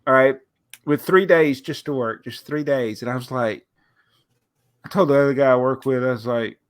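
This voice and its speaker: Clean studio sound and a dry recording carry a man's mid-range, clean-toned voice at a moderate pace. A stuffy, nasal podcast co-host on the mend from a cold, he chats casually and wanders through a story with plenty of laughs.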